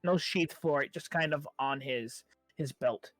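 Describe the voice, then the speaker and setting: A man's voice: on the high side, a little slow, a bit bright, no room sound, soft background music. A man narrating a tabletop game as game master, hesitant and full of fillers while he voices guards and townsfolk. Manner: hesitant, with many fillers and restarts.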